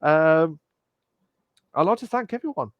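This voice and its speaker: A man's voice: fairly high pitch, lively intonation, measured pace, no room sound, lo-fi sound. A man co-hosting a casual podcast, rambling a little and thanking the viewers. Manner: rambling, thanks the chat often. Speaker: podcast co-host. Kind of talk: casual chat.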